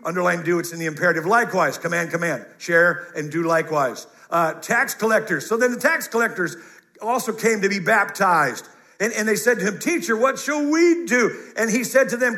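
A male pastor preaches in church, quick with jokes and direct commands to his listeners. His voice sits high for a man and rings bright and forceful. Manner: animated, jokey, commands the congregation. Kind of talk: sermon.

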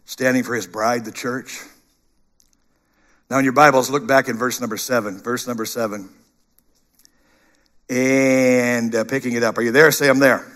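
A middle-aged man preaching a sermon, animated, dropping to a hush and rising to loud bursts. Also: mid-range voice, normal speed, pauses often. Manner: animated, shifts between hushed and shouted. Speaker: pastor.

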